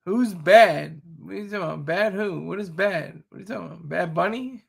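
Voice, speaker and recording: A man's voice: sits high, brisk, vocal fry, husky. A man in his thirties hosting a casual live stream, talking in a blunt, rambling and opinionated way. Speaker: streamer host.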